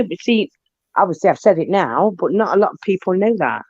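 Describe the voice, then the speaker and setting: A woman's voice: lowish voice, big pitch swings, fast talker, darkish tone, husky, no room sound. A woman, congested with a cold, rambling in casual livestream chat. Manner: rambling, chatty, peppered with "you know what I mean". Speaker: panel guest. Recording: dull, lo-fi, dry online call audio.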